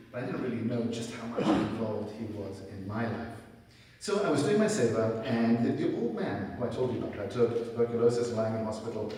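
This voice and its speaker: A middle-aged man telling a personal story in a relaxed, conversational way at a spiritual center, often quoting himself. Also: fairly low pitch, a little fast, a little hiss or hum. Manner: conversational storytelling, quotes himself in lively asides. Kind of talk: personal testimony talk. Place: large hall at a spiritual center. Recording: echoey hall, mic from far off.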